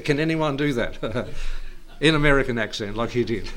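A man preaching a sermon at a church service. He chuckles often between phrases and reads scripture slowly, lifting his voice for emphasis. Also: mid-range voice, animated, fairly bright tone. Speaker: pastor.

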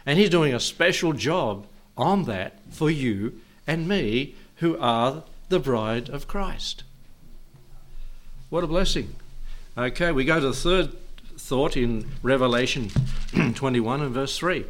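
A man of middling pitch delivers a sermon to a church gathering. He breaks into soft chuckles between phrases and slows down to read scripture passages with rising emphasis. His tone stays conversational and easy. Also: lively intonation. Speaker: pastor. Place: church service.

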